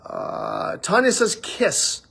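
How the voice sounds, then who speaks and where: A man's voice: high voice, wildly swooping pitch, slow pace, creaky, a bit bright, breathy edge. A man hosting a daily livestream, chatting loosely and rambling, with casual swearing. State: out of breath after running. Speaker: livestream host. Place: studio office with window.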